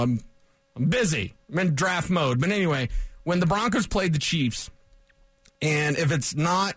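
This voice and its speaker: Alone in a studio, a man hosts a sports talk radio show, fired up and loud, rambling along with sarcastic asides. His voice sits a little high, and there's no echo.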